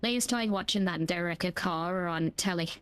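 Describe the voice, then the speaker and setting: A woman's voice: on the low side, unhurried, a bit bright, smooth. A woman streaming a driving game, chatting in a cheeky, jokey, rambling way. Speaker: gaming streamer. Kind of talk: casual gameplay chat.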